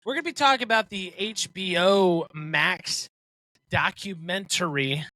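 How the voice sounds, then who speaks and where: Bright-voiced male podcast co-host. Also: high voice, a little slow, no room sound. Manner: laughs often, reads a synopsis aloud. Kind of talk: casual chat.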